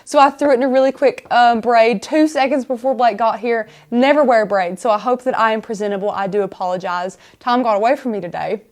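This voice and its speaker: A woman chats her way through a live craft tutorial. Her voice sits a little high, and she rambles happily from one thing to the next while she works. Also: fairly quick, hardly any pauses. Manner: chatty, bubbly, rambling. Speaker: host of a craft live stream.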